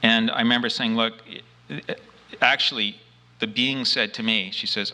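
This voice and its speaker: A man's voice: mid-range voice, fairly even intonation, moderate pace, sharp tone. A man giving an emphatic first-person account of a frightening experience, acting out what he said at the time. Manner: earnest, emphatic storytelling; acts out his own quoted lines. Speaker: abduction experiencer.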